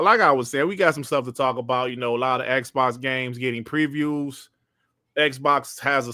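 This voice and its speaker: Middle-aged male host, casual stream chat, slangy and profane, slightly high pitch. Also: pushed and bright, dry recording, clean studio sound. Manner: laid-back, slangy, profane.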